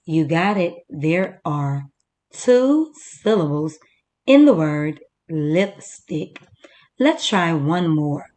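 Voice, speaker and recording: A woman teacher leading a first-grade reading lesson, slowly sounding out words for young children. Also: low voice, animated, darkish tone.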